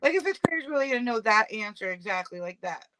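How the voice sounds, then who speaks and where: A woman chatting casually as co-host, thinking out loud. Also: on the high side, sing-song, quick pace, background noise. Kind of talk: casual chat.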